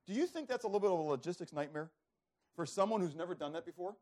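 A man preaching a sermon, throwing rhetorical questions to the congregation and swinging from loud emphasis to hushed, low passages. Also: expressive, fast. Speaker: pastor.

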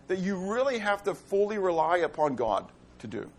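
Male pastor, high voice, animated sermon delivery with rhetorical repetition. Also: moderate pace, hardly any pauses.

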